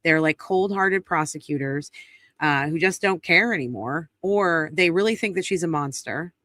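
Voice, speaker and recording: A woman hosting a recap show, speaking in blunt, indignant casual commentary and swearing freely. Her voice is bright and sharp. The recording is close and dry, with no room sound. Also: sits low, normal speed, no room sound. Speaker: trial recap host.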